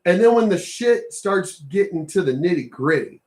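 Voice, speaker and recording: A man's voice: high-pitched, lively intonation, normal speed, a little mellow. A man ranting bluntly in a casual commentary video, swearing often and repeating his points. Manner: blunt, profane, repetitive ranting. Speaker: commentary vlogger.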